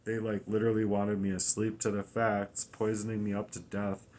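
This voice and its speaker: A weary, distressed man talking through his troubles in a raw, halting personal monologue, often restarting and swearing. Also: fairly low pitch, monotone, a little mellow, a little hiss or hum. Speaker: vlogger.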